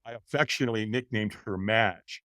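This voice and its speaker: A man in his sixties, a podcast guest, telling his life story in a lively way and acting out the voices of people in it. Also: on the low side, a little fast, dry recording, clean studio sound. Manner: animated, acts out voices in his stories. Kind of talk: storytelling interview.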